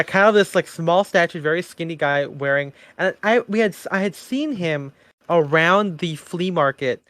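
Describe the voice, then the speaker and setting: A man's voice: fairly high pitch, fairly bright tone, no echo. A young man co-hosting a podcast, telling a story in casual chat, acting out quotes and laughing often. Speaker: podcast co-host.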